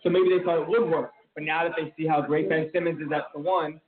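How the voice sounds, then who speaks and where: A man's voice: on the high side, fairly even intonation, quick pace. A man co-hosting a casual live show, chatting with frequent restarts. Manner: chatty, hesitant restarts, sports talk. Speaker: podcast co-host. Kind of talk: casual chat. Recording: tinny lo-fi line with crowd behind. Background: crowd chatter.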